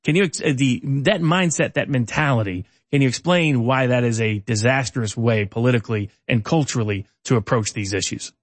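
A man's voice: medium pitch, a little fast, few pauses, no room sound. A man hosting a political interview, asking long, conversational questions. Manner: conversational, with fillers and restarts. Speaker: interview host.

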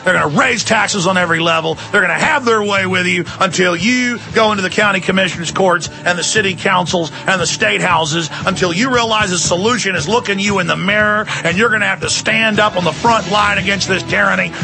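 A man hosting a radio talk show, delivering heated, sarcastic political rants full of mocking drawn-out "oh"s. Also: high-pitched, gravelly, bright, forceful tone. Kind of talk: ranting political commentary.

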